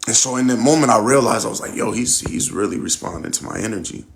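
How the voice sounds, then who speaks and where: A man's voice: medium pitch, quick pace, vocal fry, hardly any pauses. A young man hosting a podcast, telling a personal story casually, with candid, reflective talk and plenty of swearing. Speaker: podcast host.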